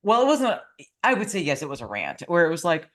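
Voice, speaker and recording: Brief: female podcast co-host, casual chat, animated mocking rants, heavy swearing. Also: lowish voice, fast talker.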